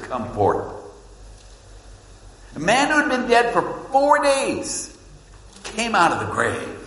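A man preaching a sermon as pastor, swinging between loud emphasis and hushed, low lines. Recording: echoey hall with long reverb.

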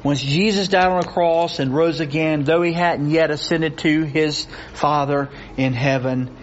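A man's voice: a little high, fairly even intonation, unhurried, slight background noise. A man preaching a sermon, reading scripture with rising intensity and pressing his points through repetition. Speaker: pastor. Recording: dull lo-fi recording with faint ambience.

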